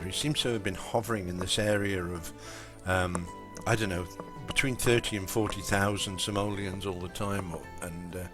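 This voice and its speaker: Streaming a life-sim game with music in the background, a man from Lincolnshire, England, rambles casually to his chat in an English accent. His voice is on the low side with fairly even intonation, and he talks at a moderate pace with few pauses, chatting directly to viewers as live-stream commentary.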